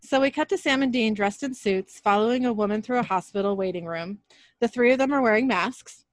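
A woman co-hosting a podcast, casually retelling an episode scene by scene and reading the dialogue aloud in a plain, even way. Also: fairly high pitch, fairly quick, no room sound, studio quality. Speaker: podcast co-host recapping an episode.

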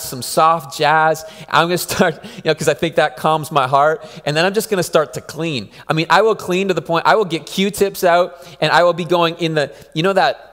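A man's voice: fairly high pitch, fairly bright tone. A man in his thirties, a pastor, preaching a conversational sermon with repeated phrases. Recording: long hall reverb.

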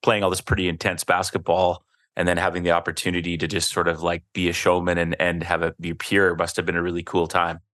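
A man's voice: sits low, completely flat delivery, fast talker, a bit bright. A man hosting a podcast, chatting in an easygoing way with loose slang. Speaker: podcast host. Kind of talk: casual chat.

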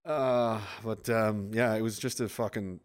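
A man's voice: lowish voice, measured pace, clear, resonant tone. A man hosting a casual podcast chat, rambling and swearing as he tells stories. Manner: rambling, profane, animated storytelling with acted quotes.

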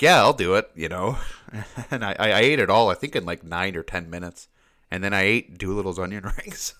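A very deep-voiced man talking casually on a podcast. He rambles along, tripping over repeated words and often breaking into laughter. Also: bright, forceful tone. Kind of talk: casual chat.

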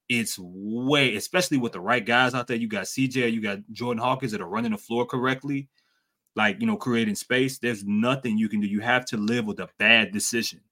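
A man co-hosting a casual podcast, talking sports and accents and getting animated when he teases his co-host. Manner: animated, jumps high in pitch when teasing. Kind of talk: casual sports and culture chat.

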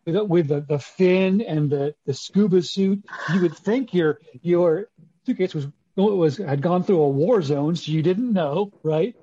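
A man hosting a conversational interview speaks in a high, mellow, husky voice. He halts and restarts as he reflects on and sums up his guest's story. The recording is dull and lo-fi. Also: a little slow. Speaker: host.

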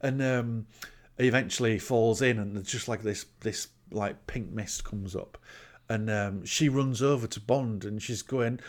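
Sweary man recapping a film. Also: lowish voice. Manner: sweary, laughing, acts out characters in quick voices. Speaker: podcast co-host recapping a film. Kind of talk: casual chat.

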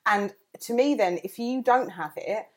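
A woman, co-hosting a podcast in casual chat, talking in quick bursts with frequent restarts. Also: medium pitch. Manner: chatty, laughs often, restarts sentences. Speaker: podcast co-host.

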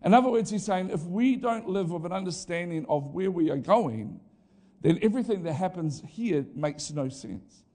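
A middle-aged male pastor preaching a sermon in a lively, conversational way, with asides to the congregation. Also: high-pitched, normal speed.

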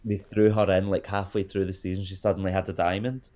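A young man with a deep, low-pitched voice chats casually as a guest. He rambles and gushes, and he breaks off mid-thought with quick asides. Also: level tone, mellow. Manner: rambling, gushing, quick asides and self-interruptions. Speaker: podcast guest, comedian. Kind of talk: casual chat.

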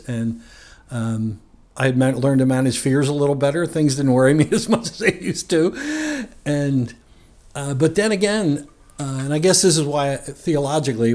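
A man's voice: medium pitch, a little mellow. A man from New Jersey, a guest on an interview show, relaxing into a rambling personal story with frequent chuckles. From New Jersey, USA. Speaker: guest sharing his faith story.

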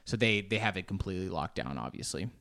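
A man's voice: low voice, lively intonation, fast talker, a bit bright. A young man in a loose, joking solo monologue, swearing and restarting often as he rambles.

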